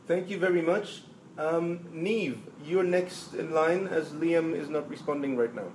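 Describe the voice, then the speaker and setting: A man's voice: fairly high pitch, measured pace, darkish tone, slight background noise, low-quality recording. A man moderating an online seminar, polite, reading out a question. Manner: polite, reads questions aloud.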